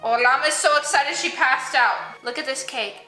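A woman vlogging playfully with her plush toys, excitable and coaxing, often gasping. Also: sits high, normal speed, reverberant, faint music behind. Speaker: toy vlogger.

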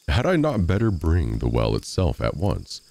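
Bragging cocky little tailor, a guy voicing him, storybook, swoopy raised voice over a gravelly low one. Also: huge pitch swings, moderate pace, darkish tone, heavily acted. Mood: boastful. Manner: brash, bragging.

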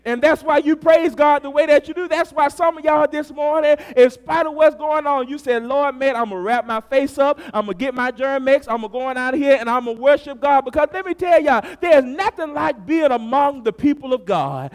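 A pastor preaches in a strikingly high voice. His delivery is rhythmic, swinging between quiet asides and shouted, drawn-out refrains. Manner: rhythmic preaching, rising to shouts on key phrases. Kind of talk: sermon.

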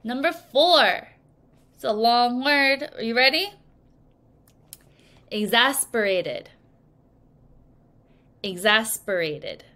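A woman teaching English vocabulary to children in a recorded lesson, speaking slowly and clearly and acting out example sentences. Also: high-pitched, pushed and bright. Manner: slow, clear teacherly delivery with acted examples.

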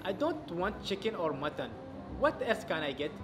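A man voicing a fussy young woman customer in a comedy sketch, talking softly and curtly. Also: high-pitched, very animated, normal speed, background noise. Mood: complaining.

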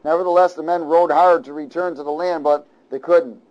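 A male pastor preaching with a lively, chatty delivery. He often turns questions on his listeners, and his voice sits somewhat high for a man. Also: fairly quick, highs cut off. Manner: lively, conversational, asks the audience questions. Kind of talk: sermon.

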